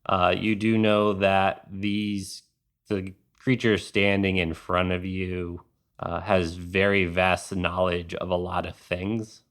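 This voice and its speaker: A man running a tabletop game with a low, resonant voice. He narrates calmly and at a slow, measured pace. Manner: calm, unhurried narration. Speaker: game master.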